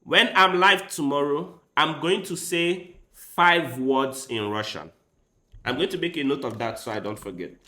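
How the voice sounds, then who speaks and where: A man's voice: a little high, animated, measured pace, sharp tone. A man chatting casually with his livestream viewers, rambling and speaking straight to them. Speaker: chess streamer. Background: faint background music.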